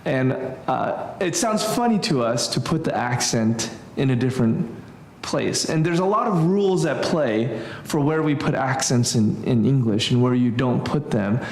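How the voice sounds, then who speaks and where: A man teaching a relaxed church Greek class, thinking aloud with many fillers and restarts. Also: mid-range voice, normal speed, hardly any pauses, reverberant, a little hiss or hum. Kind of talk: informal church class lesson.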